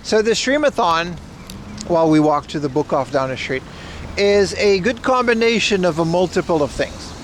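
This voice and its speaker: A man's voice: sits high, lively intonation, moderate pace. A man streaming live as he walks city streets, chatting casually with his viewers. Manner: chatty, addresses chat directly. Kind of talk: casual IRL livestream commentary. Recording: noisy outdoor street recording.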